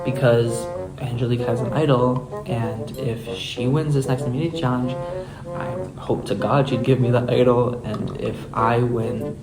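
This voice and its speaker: A man's voice: medium pitch, steady tone, normal speed, over loud music. Young man giving an echoey confessional. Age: young adult. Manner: casual, full of "like", scheming. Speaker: reality game contestant. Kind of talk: confessional to camera.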